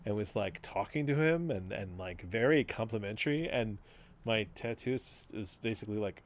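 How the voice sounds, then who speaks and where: Low-voiced man telling a rambling story. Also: animated, moderate pace. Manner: rambling storyteller, laughs often, swears casually. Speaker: podcast co-host. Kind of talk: casual chat.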